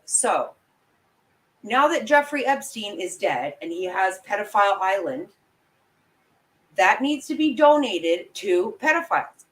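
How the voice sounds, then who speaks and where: Speaking straight to her audience, a female vlogger gives opinionated live commentary that is angry, blunt and full of profanity. Her voice sits at a medium pitch, and the recording is rough.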